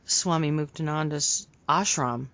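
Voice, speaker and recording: A woman's voice: sits low, measured pace, a bit bright. A woman hosting an interview, asking questions in a friendly way and laughing often. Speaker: interview host. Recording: dull lo-fi audio.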